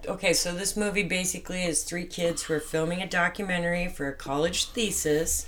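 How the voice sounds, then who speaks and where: A woman's voice: fairly low pitch, fairly even intonation, brisk, a bit bright. Dry-humored middle-aged woman. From Pacific Northwest, US. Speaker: guest co-host, host's mother. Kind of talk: casual movie podcast chat.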